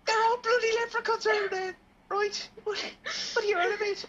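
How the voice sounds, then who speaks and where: A man's voice: level tone, brisk, fairly bright tone, dull audio, slight background noise. A man voicing a cheeky, indignant Irish man with an exaggerated Irish accent. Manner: squeaky, exaggerated and mocking.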